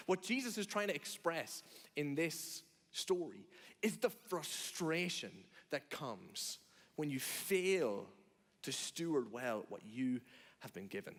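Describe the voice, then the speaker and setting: A man's voice: a little high, expressive, moderate pace, fairly bright tone. A man preaching a sermon in a conversational way, asking the audience questions and acting out reactions. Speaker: pastor. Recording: long hall reverb.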